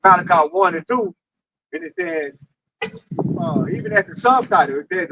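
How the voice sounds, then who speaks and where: A man reading scripture aloud slowly, pausing with asides. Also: high-pitched, huge pitch swings, bright, forceful tone, slightly rough, far from the mic, rough recording. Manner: reads slowly with pauses and asides.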